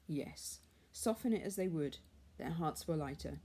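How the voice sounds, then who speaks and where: Woman storyteller, measured and hushed, lower mellow voice. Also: animated, husky. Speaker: reader. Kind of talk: storybook reading.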